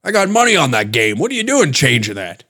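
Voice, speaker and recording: A man voicing a rowdy, profane uncle who yells about his sports bets. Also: mid-range voice, huge pitch swings, fast, pitched above the performer's own voice, heavily acted. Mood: ranting. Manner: shouting, profane, demanding. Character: loud rowdy uncle, gambler yelling over sports.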